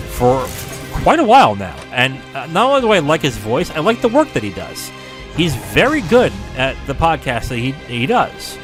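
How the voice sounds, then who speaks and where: A man hosting a gaming news podcast, telling a story in a casual, animated way and laughing at himself. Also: mid-range voice. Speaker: podcast host. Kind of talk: casual chat.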